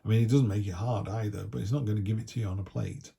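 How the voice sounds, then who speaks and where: A man's voice: on the low side, fairly even intonation, fast talker, gravelly, warm tone, breathy edge. A man giving a casual, chatty tarot reading with jokey asides, from the United Kingdom. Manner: chatty, jokey, acts out little voices. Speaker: tarot reader.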